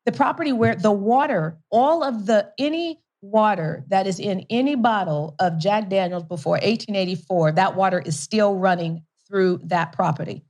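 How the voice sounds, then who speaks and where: A woman being interviewed as a guest, telling a story in an animated way, laughing often and repeating words for emphasis. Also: mid-range voice, moderate pace, hardly any pauses. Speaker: guest, company CEO.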